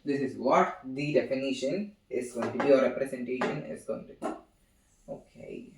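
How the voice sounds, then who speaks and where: A young man gives an informal physics seminar, halting and repeating phrases as he writes. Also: medium pitch, creaky, far from the mic, background noise. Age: young adult. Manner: halting, repeats phrases while writing on a board. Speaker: student giving a physics seminar. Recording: echoey room, voice from off-mic.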